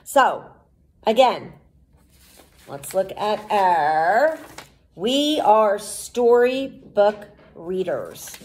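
A woman teacher reads a storybook aloud to children in an unhurried voice. She stops often to explain what is going on in a patient, explanatory way. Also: mid-range voice, expressive, darkish tone.

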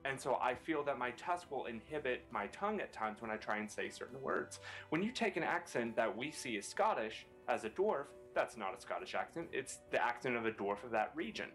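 A man's voice: medium pitch, very animated, fairly quick, few pauses, a bit bright. Earnest man explaining, faint music behind. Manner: earnest, explanatory, rhetorical questions. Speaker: panel guest, voice actor. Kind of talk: advice-giving panel talk.

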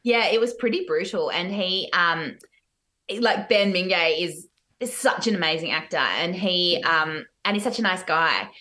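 A woman with an Australian accent, a podcast guest, chatting casually and telling animated stories about stage work. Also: fairly low pitch, moderate pace. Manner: animated storytelling with laughs. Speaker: guest, musical theatre actress.

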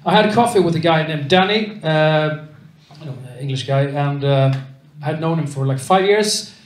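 A man's voice: on the high side, normal speed. A man from Sweden with a Swedish accent, performing a stand-up comedy set and slipping into voices for the people he quotes. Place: comedy club stage with live audience. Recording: roomy club sound with loud audience laughter.

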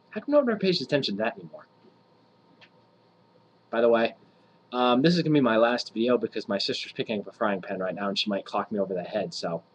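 A man's voice: fairly low pitch, a little hiss or hum, poor audio. A man ranting to camera in a rambling, crude, mock-offensive way, swearing freely and laughing at his own jokes. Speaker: vlogger.

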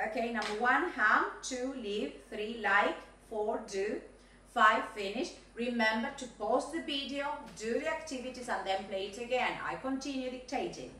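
A woman English teacher, giving a recorded video lesson to young learners, dictating slowly and clearly with frequent "okay?" checks. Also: on the high side, pushed and bright, distant mic. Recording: echoey room, voice a bit off mic, faint noise.

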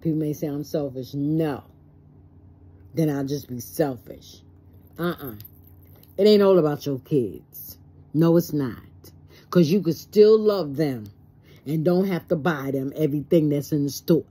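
In a personal vlog monologue, a stressed woman talks with plain emotion and plays both parts of the conversations she recounts. She has a deep, warm, slightly rough voice and takes her time.

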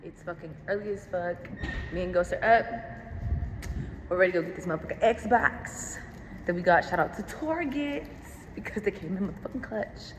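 A woman's voice: lowish voice, normal speed, a little hiss or hum. A young woman vlogging casually to her viewers, blunt and slangy, swearing heavily as she vents. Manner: blunt, heavy swearing, venting; loose slangy chat to viewers. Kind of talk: casual unboxing vlog to camera.

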